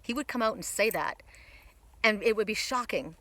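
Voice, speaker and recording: A woman in her fifties does a casual oracle card reading outdoors in a windy mountain forest, chatty and rambling and often repeating herself. Her mid-range voice is bright and forceful with lively intonation and a moderate pace, and there's no room sound.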